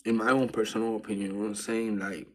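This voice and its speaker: A man with a husky, breathy voice talks straight to camera in an easy, rambling vlog. He tells his story in loose street slang, slipping into hushed asides and then building into excited retellings. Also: fairly low pitch, quick pace. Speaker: vlogger. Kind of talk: casual spiritual storytelling monologue.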